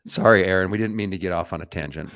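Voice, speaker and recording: Deep-voiced joking man co-hosting. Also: quick pace, a bit bright, dry recording. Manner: enthusiastic, joking, swears casually. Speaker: co-host. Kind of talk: casual livestream chat.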